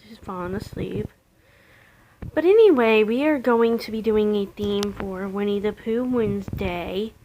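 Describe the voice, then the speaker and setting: Young woman vlogger, casual rambling home chat with soft near-whispered stretches, mid-pitched, noisy camera audio with clicks. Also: unhurried. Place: home, indoors. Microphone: camera mic.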